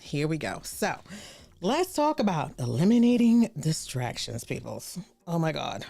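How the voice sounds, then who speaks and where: A woman hosts a casual live stream with lots of exclamations and laughter. Her lowish voice swoops up and down constantly. She sounds worn out from staying up all night. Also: sing-song, a little slow, vocal fry, mellow, no room sound. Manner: bubbly, exclamatory, slangy, laughs often. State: tired after an all-nighter. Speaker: host.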